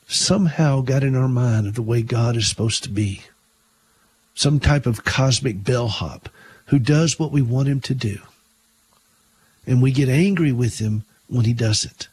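Husky-voiced man preaching on talk radio. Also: medium pitch, a little slow, long pauses, darkish tone. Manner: earnest, storytelling, repeats words as he restarts. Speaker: Christian talk radio host.

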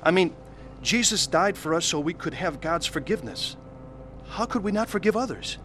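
A man's voice: high voice, lively intonation, moderate pace, a bit bright. A man narrating his own faith testimony in an earnest, pleading way and acting out the scenes. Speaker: narrator of his conversion story.

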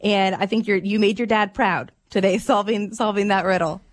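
A female radio host speaking into a studio mic. She chats with callers in an easy, conversational way and gets lively when she tells a story. Her pitch sits in the middle of the range for a woman. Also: moderate pace. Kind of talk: call-in radio chat.

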